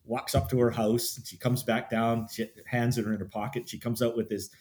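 Male guest, relaxed storyteller, average pitch, easygoing delivery. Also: moderate pace. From Canada. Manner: chatty, quotes people in stories. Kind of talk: casual storytelling.

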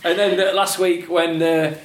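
A man's voice: sits high, level tone, unhurried, echoey room, noisy background. A man telling funny stories about his dog in casual chat, laughing often and swearing freely.

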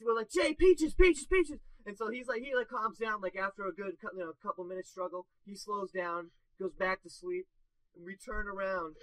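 A man's voice: high voice, pushed and bright, no echo, low-quality recording. A young man in his twenties co-hosting a casual podcast, telling rambling stories full of fillers and laughing at his own punchlines. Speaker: podcast co-host. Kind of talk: casual storytelling.

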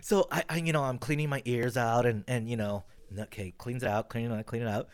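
A man co-hosting a podcast, telling animated stories full of swearing and quick restarts. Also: medium pitch. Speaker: podcast co-host. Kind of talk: casual chat.

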